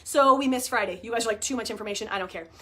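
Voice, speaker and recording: A woman in her forties chatting to her viewers, telling a story in an animated way, laughing and swearing casually. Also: on the high side, very fast. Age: 40s. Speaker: vlogger. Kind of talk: casual chat to camera.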